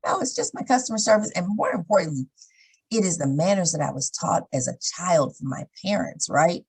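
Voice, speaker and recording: A woman guest in casual conversation, telling candid stories in an animated way. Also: on the low side, a little fast, creaky, slightly rough, poor audio. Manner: animated, acts out others' lines in changed voices; candid, swears now and then.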